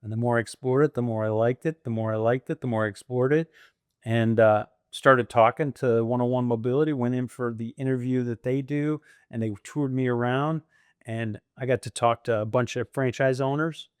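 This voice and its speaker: A man's voice: medium pitch, steady tone, moderate pace, darkish tone, clean tone, no echo, studio quality. A man in his fifties from the United States, a guest telling his career story in a casual interview, acting out voices and laughing often. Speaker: franchise owner guest.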